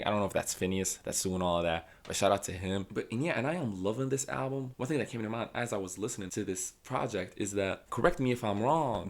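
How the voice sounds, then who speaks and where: A man giving a casual reaction commentary, gushing and exclaiming often, talking in what he calls a nineties detective way. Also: on the low side. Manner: excitable, gushing, with frequent exclamations; calls his own English delivery a nineties detective's. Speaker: music reaction YouTuber. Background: song playing in the background.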